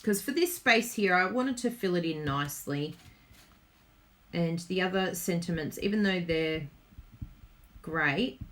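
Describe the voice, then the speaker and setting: A woman's voice: fairly low pitch, a bit bright, a little hiss or hum. An Australian woman hosting a live card-making demo, chatty and giggly, talking to viewers as she works. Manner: chatty, giggly, reads viewer comments aloud. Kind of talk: live-streamed crafting demo.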